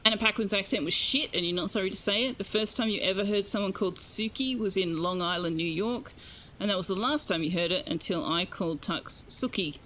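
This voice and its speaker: A woman's voice: medium pitch, brisk, pushed and bright, slight background noise. An Australian woman streaming a game, chatting casually with her viewers and enunciating carefully. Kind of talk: casual gaming stream chat.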